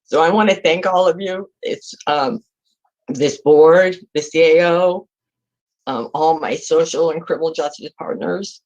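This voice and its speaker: A woman's voice: sits low, measured pace, darkish tone, lo-fi sound. Woman in her 60s saying goodbye at retirement, choked up and heartfelt, on a zoom call. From California. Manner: emotional, heartfelt, close to tears. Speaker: retiring public defender. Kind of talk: farewell remarks at a public meeting. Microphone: video call.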